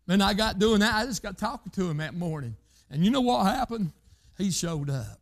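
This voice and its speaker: A man preaching a sermon fervently, breaking in with repeated interjections and swinging between shouted and hushed lines. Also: high voice, lively intonation, fairly quick.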